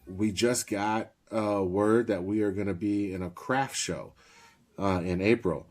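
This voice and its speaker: A man with a very low voice chats on a podcast, easygoing and profane. He tells stories about his kids and breaks into laughter often. He sounds like he's in his thirties. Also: steady tone, unhurried, darkish tone. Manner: laughs often, swears freely, storytelling. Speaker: podcast co-host. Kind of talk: casual podcast chat.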